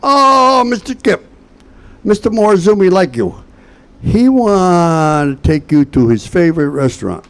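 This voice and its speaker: A man putting on an eager interpreter with broken English, his voice lifted high and fawning. It is a quick storytelling impression, delivered with a bright, polite lilt. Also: big pitch swings, exaggerated voice.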